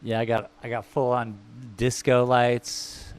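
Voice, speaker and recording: Slow, musing man painting on stream. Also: mid-range voice, flat delivery, smooth. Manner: musing aloud, wandering and self-mocking. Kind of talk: rambling live-stream chat while painting. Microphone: microphone.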